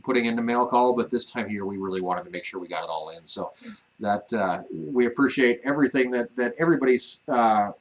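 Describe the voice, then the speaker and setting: A man's voice: mid-range voice, brisk, rough recording. A man with an ordinary mid-range voice chats easily on a live stream from a ranch. He talks loosely, full of fillers and false starts, with a teasing edge toward his co-host. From Wyoming. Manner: easygoing, many fillers and restarts, teasing. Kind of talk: casual live-stream chat.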